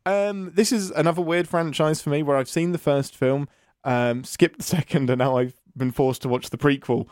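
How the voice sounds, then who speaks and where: A man's voice: fairly high pitch, fairly even intonation, moderate pace, darkish tone, clean tone, dry recording, clean studio sound. A man with an English accent, chatting enthusiastically as a podcast co-host and laughing often. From England. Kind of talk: casual chat.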